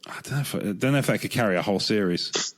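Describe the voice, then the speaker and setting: Low-voiced man, casual podcast chat. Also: very fast. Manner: rambling, hesitant, restarts often. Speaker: podcast co-host.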